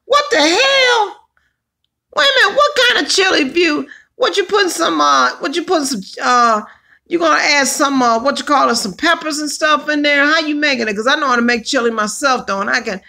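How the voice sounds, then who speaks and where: A woman hosting a casual livestream, chatty and hoarse from allergies, exclaiming and calling out to her viewers. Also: sits high, sharp tone. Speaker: livestream host.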